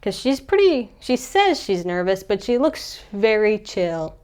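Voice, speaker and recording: A young woman talks through a movie's plot in a loose, chatty way. She slips into the characters' voices as she goes. Her voice is smooth and resonant, sitting at an ordinary middle pitch. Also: a little slow. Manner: chatty, animated, acts out characters' lines. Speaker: movie reviewer. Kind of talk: casual movie recap.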